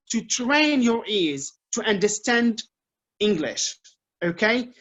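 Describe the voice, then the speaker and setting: A man with an Algerian accent giving an informal English lesson, explaining points in a lively way with frequent fillers. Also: sits high. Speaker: English teacher giving a talk. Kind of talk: informal lecture to students.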